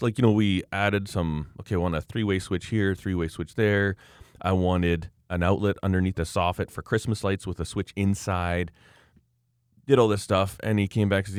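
A man's voice: low-pitched, moderate pace, smooth, no echo, studio quality. A man in casual chat, telling a worked-up story and acting out the quoted lines, with many fillers. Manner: acts out quoted dialogue. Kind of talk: casual chat, ranting anecdote.

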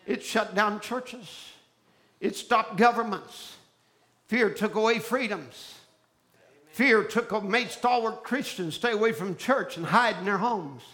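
A man preaching a fiery sermon, shouting out lines and then dropping to a hushed low voice. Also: slow.

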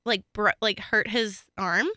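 Bright, clear-voiced young woman chatting. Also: medium pitch, steady tone, unhurried, dry recording. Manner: chatty, lots of fillers and laughter. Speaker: true crime podcast co-host. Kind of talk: casual chat.

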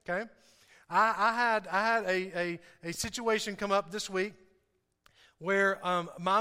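A pastor preaches in a very high, smooth, resonant voice, telling a rambling story with self-deprecating humor and frequent laughs. His sentences stumble and repeat as he goes. The sound carries a long reverb, as from a large hall. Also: bright, forceful tone. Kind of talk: sermon.

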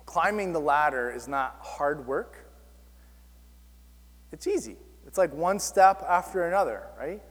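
A male pastor preaching a sermon, telling stories in an animated, self-mocking way. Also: mid-range voice, unhurried, pauses often, big-room sound.

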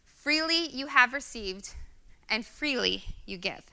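A woman's voice: a little high, animated, slow pace, vocal fry, bright, forceful tone, clean tone. A woman in her thirties giving an earnest, conversational sermon with many fillers. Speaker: guest speaker.

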